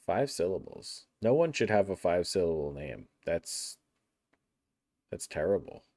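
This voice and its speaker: A low-voiced man in casual livestream chat, his pitch swinging up and down as he talks. He sounds chatty and playful, and the sound is dry and close, with no room around him. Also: big pitch swings, measured pace, warm tone, no room sound. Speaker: livestreamer building a game map.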